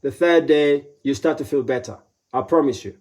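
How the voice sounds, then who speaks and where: Man, middle-aged, motivational speaker, warm mellow tone, slightly high voice, repeats points emphatically. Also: moderate pace. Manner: repetitive, emphatic advice with playful voiced asides. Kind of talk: live motivational talk.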